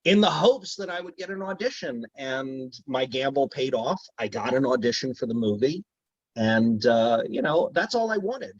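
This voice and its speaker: A voice actor talks enthusiastically in a casual interview, telling stories from his career. His voice is husky, with a dry, close sound. The recording is slightly dull and lo-fi. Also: medium pitch, animated, moderate pace, dry recording. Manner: enthusiastic, storytelling, drops into character voices. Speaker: voice actor guest.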